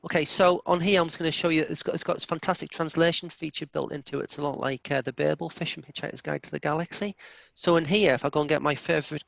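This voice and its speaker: A man presenting a software demo in a live online session, enthusiastic and chatty, often restarting his sentences. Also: a little high, steady tone, quick pace, vocal fry, dry recording. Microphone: video call. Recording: dull lo-fi video call audio.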